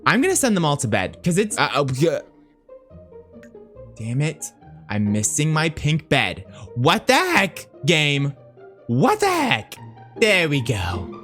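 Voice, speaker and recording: A man's voice: on the high side, fairly bright tone. A man giving casual, playful commentary over a life-sim game, teasing the characters and exclaiming often. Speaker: gameplay commentator.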